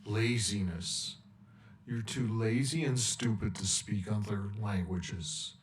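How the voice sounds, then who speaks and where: A man's voice: fairly low pitch, slow pace, slight background noise. A man hosting a sarcastic, mocking rant monologue. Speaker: host. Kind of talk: ranting monologue. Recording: echoey room, distant mic.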